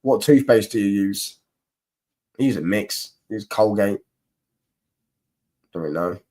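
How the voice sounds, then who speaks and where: A man's voice: lowish voice, expressive, a little slow, mellow. Young man bantering on a football live stream. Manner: banter-heavy, mocking rival fans, rambling with restarts. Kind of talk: casual live stream chat reading comments.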